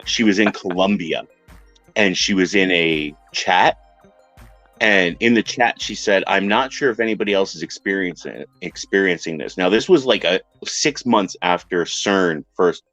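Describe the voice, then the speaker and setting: Low-voiced man telling a story casually. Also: moderate pace, no echo, lo-fi sound, soft background music. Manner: animated retelling, acts out quoted voices. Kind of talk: casual storytelling on a podcast panel.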